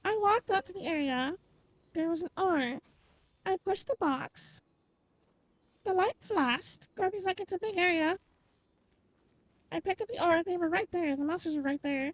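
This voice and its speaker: Very high-voiced woman game streamer. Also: a little slow, pauses often, no echo. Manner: chatty and expressive, complaining out loud. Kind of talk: casual live-stream chat while gaming.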